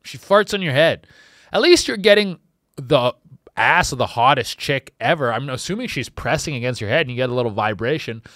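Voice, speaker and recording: A man hosts a comedic monologue, riffing and rambling. His voice is bright and his pitch swings widely. The sound is dry and close. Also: fairly quick, dry recording. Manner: rambling, animated, acts out voices. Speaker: comedian host.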